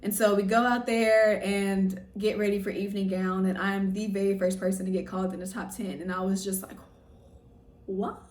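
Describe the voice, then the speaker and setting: A young woman recounts a personal story to her viewers, effusive and emotional, peppering every phrase with "like". Her voice sits at a middle pitch. The recording sounds roomy, with the mic set back from her. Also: little pitch movement, moderate pace, darkish tone, distant mic. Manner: emotional, effusive, heavy use of "like". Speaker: vlogger. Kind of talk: casual storytelling to camera.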